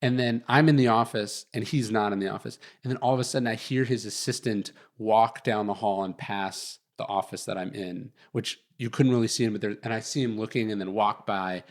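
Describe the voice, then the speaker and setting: A man's voice: lowish voice, steady tone, fairly quick, hardly any pauses. A man in his thirties, a guest author telling a story in a casual interview, rambling with lots of fillers. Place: guest's chosen location.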